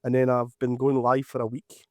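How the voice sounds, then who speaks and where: A man's voice: medium pitch, monotone, normal speed, darkish tone, dry recording. Scottish man, broad accent, dry voice. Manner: self-deprecating, chatty. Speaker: podcast guest. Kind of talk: casual chat.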